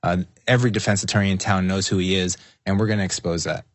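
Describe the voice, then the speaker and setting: Guy guesting on a radio show, fired up but earnest, low-ish voice, dry mic. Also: fairly even intonation, fast talker, no echo. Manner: earnest, indignant. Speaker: guest activist. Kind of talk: talk radio interview.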